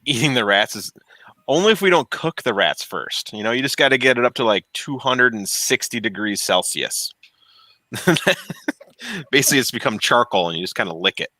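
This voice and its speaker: A man's voice: mid-range voice, animated, normal speed, pushed and bright, dry recording. A man streaming while he works, chatting casually, rambling, laughing often and trailing off as he searches for words. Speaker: streamer fixing printers. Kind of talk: casual chat. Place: home workshop.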